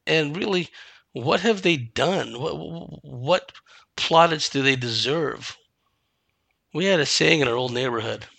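A man's voice: medium pitch, normal speed, gravelly, pushed and bright, dry recording. A man giving a solo commentary monologue, emphatic and dismissive, asking rhetorical questions.

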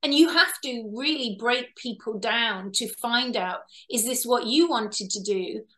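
A bright, tense-toned woman speaks at a fairly high pitch. She talks at length in an interview, explaining her healing work. She slips into little acted voices for parents and children along the way. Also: measured pace. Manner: animated, acts out quoted parents and children. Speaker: past life regressionist and healer.

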